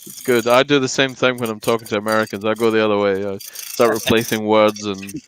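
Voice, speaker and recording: A man's voice: on the low side, level tone, fairly quick, fairly bright tone, poor audio. A man co-hosts a live stream, reading the chat aloud and teasing the host. He talks in stops and starts, often repeating a word before he finds the next. There is a faint noise under his voice. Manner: hesitant, teasing, repeats himself.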